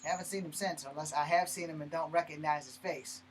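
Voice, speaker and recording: A man telling a personal story in a blunt, profane, animated way, breaking off and restarting mid-sentence. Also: a little high, quick pace, a little hiss or hum, poor audio. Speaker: martial arts channel host. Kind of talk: personal story told to camera.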